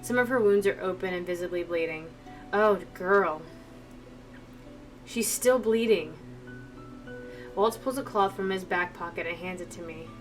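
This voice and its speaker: A woman's voice: on the low side, measured pace, long pauses. A woman streamer reading a visual novel aloud, breaking off into emotional, chatty asides to her viewers, from a distant mic with faint music behind.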